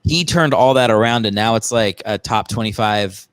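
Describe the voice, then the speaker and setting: Comedian dude rambling sarcastic, lots of likes, dry close sound. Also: male voice, fairly low pitch, moderate pace, clean tone, no room sound. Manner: rambling, sarcastic, full of fillers. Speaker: podcast guest, comedian. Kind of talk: casual podcast chat.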